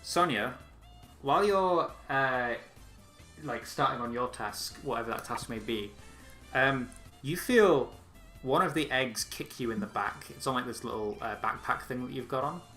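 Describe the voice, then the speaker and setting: A man running a tabletop game as game master, laughing often and talking in halting bursts with fillers. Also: mid-range voice, pushed and bright, soft background music.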